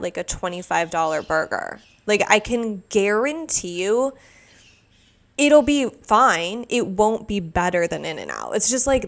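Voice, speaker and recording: A woman hosting a solo podcast, venting in a loose, exasperated rant. She swears freely and talks in an animated, chatty way, with a mid-range voice. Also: medium pitch. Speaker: podcast host.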